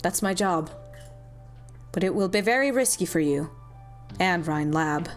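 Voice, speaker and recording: A woman voicing a stern adult woman who is director of defense, speaking in a level, measured, businesslike way. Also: fairly low pitch, lively intonation, soft background music, voice pushed down. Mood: serious.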